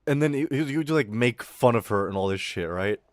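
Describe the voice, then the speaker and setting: Speaking fairly quickly in an animated, medium-pitched voice with no room sound, a young streamer rambles through a profane story about school. He acts out everyone he quotes.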